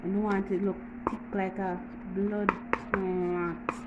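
A woman's voice: medium pitch, level tone, takes it slowly, lo-fi sound, very noisy. A woman with a Jamaican accent hosting a casual home how-to vlog, chatty and teasing, with frequent laughs. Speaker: YouTuber.

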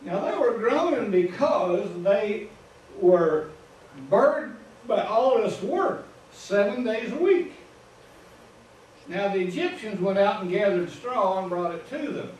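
With a Midwestern American accent, a man preaches an informal sermon in a church sanctuary, telling the story in a homespun way and laughing at his own side comments. His high-pitched voice is animated, slow-paced and a little mellow. The audio comes from far off in an echoey room, with a little hiss or hum.

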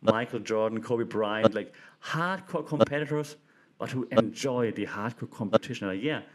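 A man's voice: lowish voice, expressive, moderate pace, crowd noise. Enthusiastic man talking basketball. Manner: enthusiastic, acts out quotes in livelier voice. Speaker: podcast host. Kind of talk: casual commentary.

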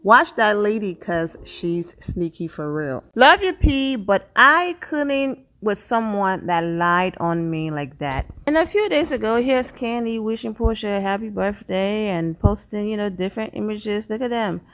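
Woman reading gossip comments aloud. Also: mid-range voice. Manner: animated, reads comments aloud with quick asides. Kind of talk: reading and reacting to social media comments.

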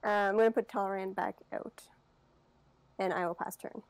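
A woman's voice: medium pitch, steady tone, moderate pace, no echo, poor audio. Dry, matter-of-fact woman at a card game. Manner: matter-of-fact, narrates her moves step by step. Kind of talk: casual game-table chat.

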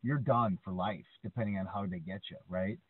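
This co-host's voice sits low and moves briskly as he swaps stories in a relaxed podcast conversation. Chatty and animated, he keeps ending lines with "right?", all over a dry, tinny, phone-like connection.

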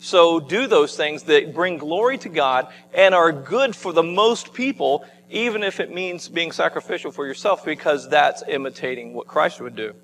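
Guy pastor preaching, kinda high voice, chatty and rambly, echoey church hall. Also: animated, moderate pace, hardly any pauses, a bit bright, slight background noise. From United States. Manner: conversational preaching with frequent restarts and asides. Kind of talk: sermon. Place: church sanctuary.

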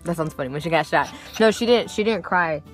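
A woman's voice: lowish voice, fast, soft background music. A young woman vlogging to a handheld camera in a chatty, rambling way, swearing freely as she talks about her day. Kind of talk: casual vlog chat.

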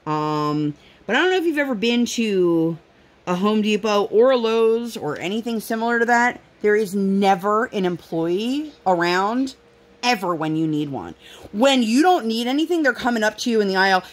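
A woman's voice: on the low side, animated, brisk. A woman in her thirties chatting casually to viewers while crafting, telling a story with lots of fillers and acting out quotes. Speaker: vlogger.

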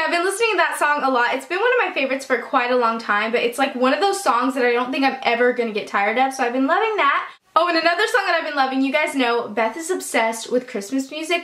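A woman's voice: high voice, animated, quick pace, few pauses, fairly bright tone, soft background music. A young woman vlogging about her favorite products in a bubbly, gushing, upbeat way. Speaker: beauty vlogger. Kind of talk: casual chat to camera. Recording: echoey room.

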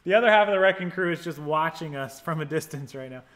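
In a slightly high, somewhat bright voice at a quick pace, a livestream host chats casually, rambling and thinking out loud. He adjusts his settings along the way and thanks viewers for donating.

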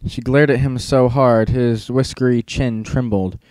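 A man's voice: mid-range voice, steady tone, a little slow, darkish tone, no room sound. Dry, close-miked male audiobook narrator. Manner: casual, wry teenage-boy storytelling. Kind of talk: first-person audiobook narration.

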